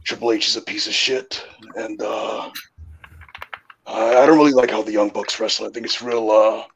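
A man doing a rough comic impression of a gruff, grudge-holding retired male wrestler, rambling and halting with many fillers. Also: on the low side, little pitch movement, lo-fi sound.

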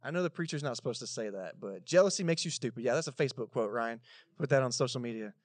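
A man's voice: medium pitch, animated, fast talker, no room sound. A man with a Texan accent preaching a sermon to his congregation in a casual, conversational way, with asides to the listeners. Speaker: pastor. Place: church service in a cinema auditorium.

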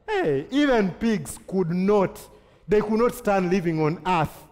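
Animated preacher in a reverberant hall. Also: male voice, high voice, slow pace. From Kenya. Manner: animated preaching with jokes and acted-out quotes. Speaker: pastor. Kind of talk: sermon.

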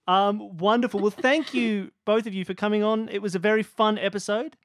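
High-voiced man co-hosting, playful. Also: steady tone, dry recording, clean studio sound. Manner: playful, quick to laugh and tease. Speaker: podcast co-host. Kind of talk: casual chat.

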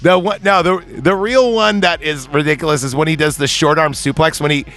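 Fairly high-pitched and fairly bright, a man rattles through a film's plot at a quick clip as a podcast co-host. He rambles, curses and leans on fillers, with soft music in the background.

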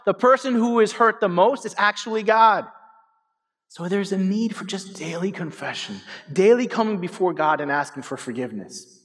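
A man's voice: high voice, animated, moderate pace. A man in his thirties preaching a sermon as pastor, telling stories animatedly and speaking directly to the congregation. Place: church sanctuary. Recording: hall reverb.

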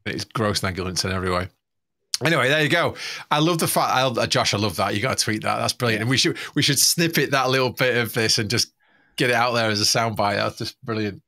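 An enthusiastic male host with a bright, forward voice who rambles through his points. He often restarts mid-sentence while keeping things casual. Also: mid-range voice, fast talker. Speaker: show host. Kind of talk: casual chat.

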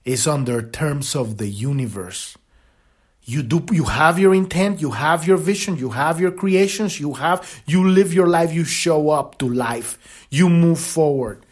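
A man hosting a podcast, talking in a casual spiritual monologue, rambling and animated, swearing now and then and acting out quoted voices. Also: on the high side, a little slow. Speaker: podcast host.

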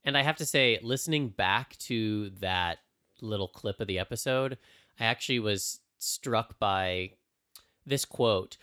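A man's voice: on the low side, a little slow, bright, forceful tone. A man co-hosting a casual podcast, explaining things in a thoughtful, earnest way. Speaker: podcast co-host. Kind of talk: casual podcast chat about astrology.

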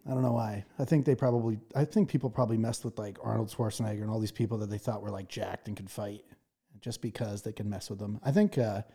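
Mellow-voiced man rambling casually. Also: lowish voice, fairly even intonation, fast talker, husky. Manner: rambling, laughs often, filler-heavy. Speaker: podcast host. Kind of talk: casual chat.

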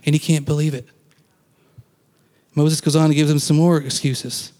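A man's voice: a little high, little pitch movement, moderate pace, mellow, long reverb tail. A man giving a casual, conversational sermon as a pastor, acting out quoted lines and laughing now and then.

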